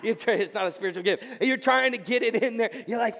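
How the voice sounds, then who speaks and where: A pastor preaching a sermon, joking with the congregation and building to fervent, emphatic preaching in a church. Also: male voice, very high voice, a little fast, vocal fry, hardly any pauses, fairly bright tone. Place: church sanctuary. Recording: church hall with long reverb.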